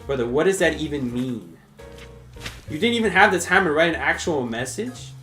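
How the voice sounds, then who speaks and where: A man's voice: on the high side, expressive, moderate pace, pushed and bright, echoey room, soft background music. A man chatting casually on a game live stream, laid-back and laughing often as he talks to viewers. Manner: laid-back, laughs often, calls chat "brother" and "dude".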